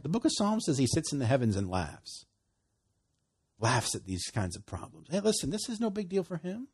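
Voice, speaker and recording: A man preaching a sermon, reading scripture, laughing often and dropping to soft asides. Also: mid-range voice, husky.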